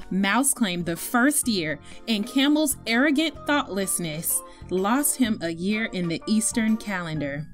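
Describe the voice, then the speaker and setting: A woman reads a children's tale aloud with a lively, swooping voice that sits a little high. Her delivery is expressive and animated. Soft music plays faintly underneath. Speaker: storyteller reading aloud. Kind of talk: children's story read-aloud.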